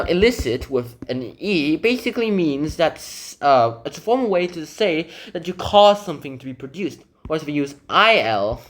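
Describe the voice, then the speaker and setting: A young man whose first language is Korean explains English vocabulary in a relaxed way, thinking aloud with hedges and asides. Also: mid-range voice. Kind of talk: casual explanation reading example passages aloud.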